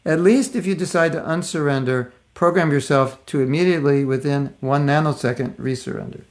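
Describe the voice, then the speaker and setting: An older man teaching a relaxed spiritual class, telling stories and acting out the voices of people in them. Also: on the high side, fairly quick. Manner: conversational storytelling, acts out voices of people in his stories. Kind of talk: casual devotional lecture.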